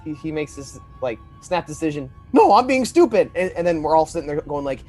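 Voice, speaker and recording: A man co-hosting a casual podcast, rambling and animated, often acting out quoted lines. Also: a little high, fast talker, soft background music. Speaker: podcast co-host.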